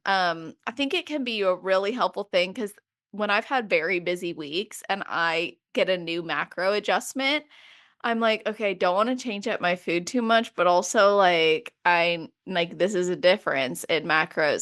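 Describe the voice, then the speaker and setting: A woman hosting a podcast interview, upbeat and animated, talking quickly with lots of "like". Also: on the low side. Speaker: podcast host. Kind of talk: casual interview chat.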